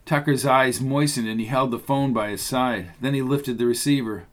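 A man narrating an audiobook thriller in a steady, even delivery. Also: medium pitch, normal speed. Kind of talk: scripted narration.

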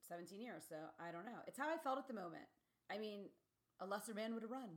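This is a woman in her forties, co-hosting a podcast in casual chat. She tells stories with animated energy and laughs often, in a voice of middling pitch. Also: fast talker. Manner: giggly, animated storytelling. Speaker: podcast co-host.

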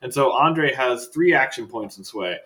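A man narrating as game master of a tabletop game, relaxed and rambling. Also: medium pitch, moderate pace.

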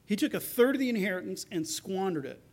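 A man with a notably high-pitched voice delivers a sermon. He talks animatedly, acting out quoted lines from the story with rising intensity before returning to explanation. The delivery feels like live preaching to a congregation. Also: expressive, fast talker, a little mellow. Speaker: pastor.

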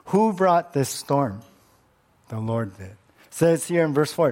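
A male pastor preaches a sermon at a slow pace in an animated style. When worked up he repeats words, and his voice drops low on key words.

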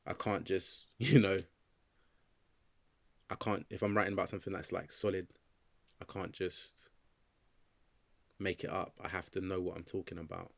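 A man's voice: low voice, fairly even intonation, moderate pace, creaky, long pauses, no echo. A young adult man from England, a writer and actor talking casually in an interview, loose and rambling with many fillers and restarts.

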